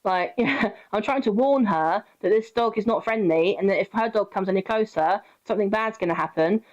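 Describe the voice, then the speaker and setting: A woman's voice: medium pitch, moderate pace, darkish tone, lo-fi sound. A woman streaming a game, telling a story in casual chat, swearing freely and answering her chat.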